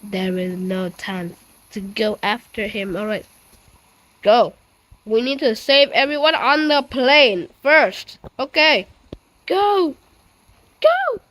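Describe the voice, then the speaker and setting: High-voiced woman narrating a game role-play. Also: slow pace, long pauses, a little hiss or hum, low-quality recording. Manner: animated, voices several characters in turn. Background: clear background music.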